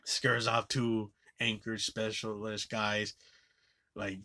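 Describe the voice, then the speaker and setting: Rambling, bright-voiced man recapping a movie. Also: fairly low pitch, little pitch movement, normal speed. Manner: rambling, loose, swears often. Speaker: movie reviewer.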